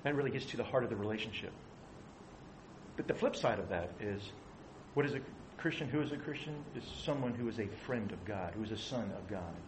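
A man's voice: on the low side, lively intonation, brisk. Man, middle-aged, pastor, conversational sermon, questions to the audience, faint noise.

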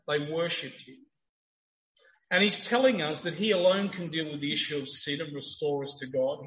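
A man's voice: a little high, a bit bright. Emphatic preacher man in a roomy hall. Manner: emphatic, building to fervent peaks. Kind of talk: sermon. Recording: roomy, dull lo-fi church recording.

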